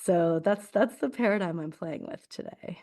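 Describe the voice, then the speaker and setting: A woman's voice: lowish voice, moderate pace, darkish tone. A woman hosting a casual spiritual conversation, reflective and given to frequent laughter. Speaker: podcast host.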